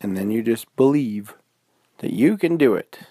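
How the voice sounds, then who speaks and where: A man's voice: medium pitch, lively intonation, moderate pace, warm tone, breathy edge, no room sound. A man doing a friendly talking bear. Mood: encouraging. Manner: cheerful, coaxing, laid-back. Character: friendly talking male bear, encouraging and easygoing. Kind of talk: bedtime story voice.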